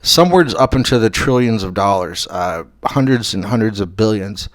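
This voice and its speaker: A man hosting a comedy talk show, halting and full of ums and uhs. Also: fairly low pitch, lively intonation, dry recording. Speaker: host.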